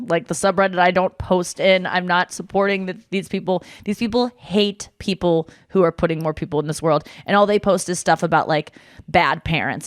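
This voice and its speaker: Podcast host, woman in her thirties, lively and self-mocking, close dry mic. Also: on the low side, no room sound. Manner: animated, self-deprecating, swears freely. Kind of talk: casual chat.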